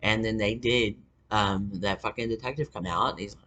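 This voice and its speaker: Man, husky, bright-toned, rambling monologue, lots of cursing and fillers. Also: lowish voice, moderate pace. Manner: rambling, heavy swearing, many fillers and restarts. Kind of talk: casual storytelling monologue.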